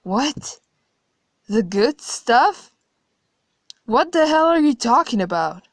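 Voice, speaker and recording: A woman's voice: fairly high pitch, slow, no echo, clean studio sound, voice pushed up. A woman reading a horror story, voicing a young man who asks urgent, confused questions. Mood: outraged.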